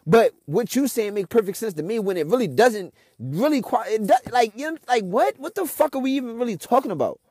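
Young Philly guy as podcast host, venting in an exasperated rant, high-pitched and dry. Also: lively intonation, a little fast, few pauses, a little mellow, slightly rough, dry recording. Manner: frustrated, ranting, heavy cursing. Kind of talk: casual monologue.

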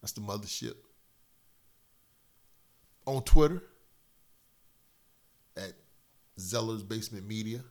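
A middle-aged man hosting a casual solo podcast, loose and profane, slightly congested from a cold, swinging between loud and quiet. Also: on the low side, slow, long pauses. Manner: loose, profane, rambling storyteller with big swings in loudness. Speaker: podcast host.

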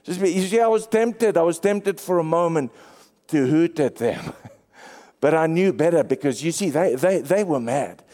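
A male pastor preaching a sermon, swinging between excited highs and hushed lows. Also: normal speed. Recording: long reverb.

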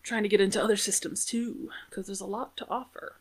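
A woman co-hosting a casual podcast chat, animated and laughing often. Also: medium pitch, brisk. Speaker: podcast co-host.

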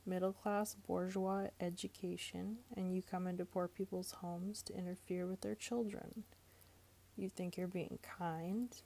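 A brash young man who lectures people on class and speaks his mind without tact, as a woman reads him. The voice is low-toned, dark and husky with gravelly fry. It stays level and flat in pitch, like an audiobook reading. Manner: brash and accusing, then earnest. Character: blunt, excitable young working-class man.

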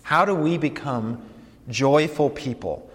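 A young adult man, a campus ministry pastor, giving a conversational sermon with self-deprecating, animated storytelling. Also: fairly high pitch, takes it slowly. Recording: long hall reverb.

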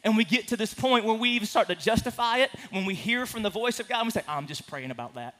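A man preaching a sermon to a congregation, impassioned, swinging from hushed to loud. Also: very high-pitched, quick pace. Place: large room with a congregation.

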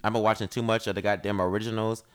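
A man's voice: on the low side, flat delivery, very fast, smooth. A slightly tipsy man hosting a casual group chat, loose and playful, swearing and stumbling over his words. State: a little tipsy. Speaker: host.

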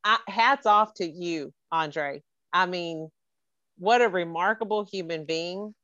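A low-voiced woman speaks with earnest, emotional warmth as she hosts a podcast from a video call. The sound is dry and slightly dull and lo-fi. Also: slow pace, no echo. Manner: earnest, emotional, full of praise. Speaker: podcast host. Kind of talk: heartfelt podcast chat over a video call.

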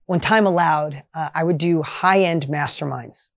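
A man hosting a motivational podcast, telling a coaching story with emphatic energy that swings between loud highs and quiet asides. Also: a little slow, creaky, no room sound, muffled recording.

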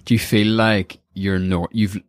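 A young Northern Irish man hosts a podcast conversation, animated and laughing through his asides. His voice is on the low side and recorded dry and close. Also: a little slow, no room sound. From Northern Ireland. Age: young adult. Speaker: podcast host. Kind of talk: casual interview chat.

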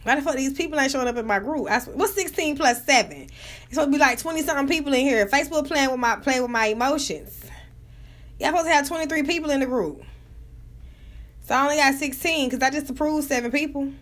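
A high-voiced woman with a Southern US accent talks fast and loose, piling up profanity and restarting her sentences as one thought tumbles into the next. Her casual commentary races along in quick, rambling bursts. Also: fairly bright tone. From Georgia, US South. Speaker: vlogger reviewing rap tracks.

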